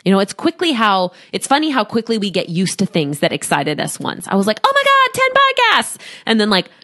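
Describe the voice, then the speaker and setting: A woman in her thirties hosting a solo podcast as a coach, talking to a studio microphone, animated, often laughing and acting out quoted voices. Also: medium pitch, brisk.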